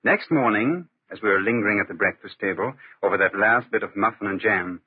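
An actor narrating and playing an upper-class gentleman in a 1940s radio drama, speaking in a clipped, authoritative way. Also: fairly low pitch, a little fast, slightly rough, no room sound. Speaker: narrator and brother of the household. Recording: tinny old radio recording.

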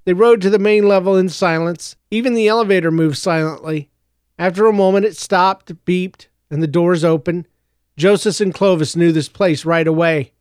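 A man narrating a story in a steady, even reading. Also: high voice, moderate pace, clean tone, no room sound, studio quality. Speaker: audiobook narrator.

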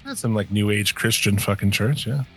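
Over soft background music, a podcast co-host with a slightly rough, lowish voice talks at a moderate pace. He keeps the conversation casual and profane, swearing a lot, wandering off topic and leaving thoughts unfinished.

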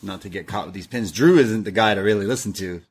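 A man's voice: lowish voice, fast talker, breathy edge. Laughing male wrestling podcast co-host. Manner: laughs often, recaps scenes and mimics characters' lines. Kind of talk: casual chat.

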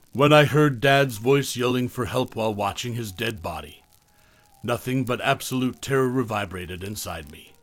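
A man narrating a first-person horror story in a measured, tense storytelling manner. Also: medium pitch, dry recording.

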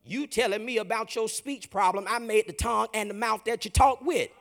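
A preacher playing a blunt, commanding God. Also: male voice, high-pitched, a little fast, vocal fry, a bit bright. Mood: stern. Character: God, stern and firm, refusing excuses.

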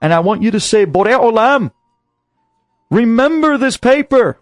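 A man voicing a revered elderly rabbi who pleads gently and insistently in a story he is telling. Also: high-pitched, a little fast, no room sound, faint music behind, voice pushed up, lightly acted. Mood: earnest. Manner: pleading, earnest.

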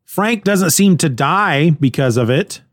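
A man's voice: a little high, animated, unhurried, no room sound, clean studio sound. A man retelling a comic book story in a casual, rambling way, with frequent restarts and chuckles.

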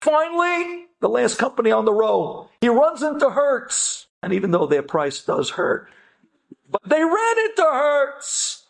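A man's voice: very high-pitched, a little slow, vocal fry. A man telling an inspirational story with animation, acting out each voice. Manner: animated, acts out every voice. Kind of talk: storytelling talk.

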